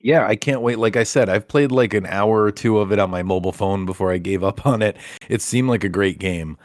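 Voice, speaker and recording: A man co-hosting a casual podcast, talking in a relaxed, rambling, self-deprecating way. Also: lowish voice, a little fast, dry recording, clean studio sound. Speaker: podcast co-host. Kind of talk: casual chat.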